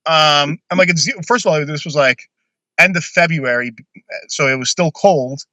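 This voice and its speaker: Man, casual storytelling, bright tone, blunt and profane. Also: a little high, normal speed, no room sound. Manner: blunt, swears freely, many restarts. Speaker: podcast guest telling a story.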